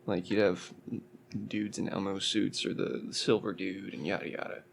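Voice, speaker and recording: Man, gravelly voice, casual podcast storyteller, joking. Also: sits low, flat delivery, normal speed, a little hiss or hum. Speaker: podcast co-host.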